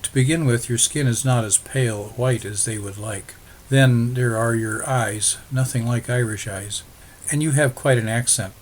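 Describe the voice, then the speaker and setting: A man voicing a gentle, practical Irish settler who speaks calmly and reassuringly to his wife. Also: medium pitch, normal speed, a little hiss or hum, close to an everyday voice.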